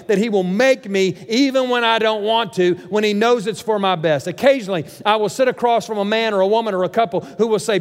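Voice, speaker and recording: A man preaching a sermon as pastor, emphatic and swinging from loud declarations to hushed lines. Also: high voice. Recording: hall reverb.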